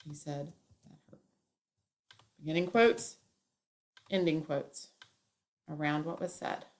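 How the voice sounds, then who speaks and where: A woman's voice: sits low, fairly even intonation, slow pace, a little mellow. A woman teacher giving a classroom grammar lesson, explaining step by step and acting out example sentences with emphasis.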